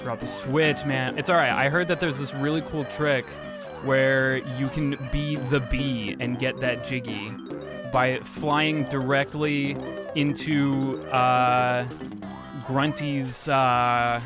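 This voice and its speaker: A man's voice: mid-range voice, steady tone, slow, music in the background. A man co-hosting a gaming stream, joking and mock-innocent as he plays. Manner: joking, mock-innocent, cracking jokes at himself. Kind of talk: casual gameplay chat.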